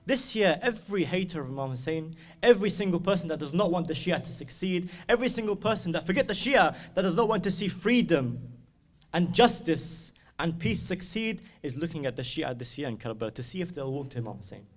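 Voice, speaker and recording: A male reciter at a mourning gathering, his voice sitting a little high for a man. He preaches urgently and pleadingly, telling stories to stir the listeners. Then he breaks into loud chanted elegy in a community hall. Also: lively intonation, a little fast. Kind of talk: impassioned sermon and chanted elegy.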